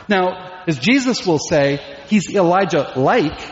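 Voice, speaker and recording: A man's voice: sits high, lively intonation, measured pace. A man preaching a sermon as pastor, emphatic and full of rhetorical questions. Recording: echoey hall, dull lo-fi sound.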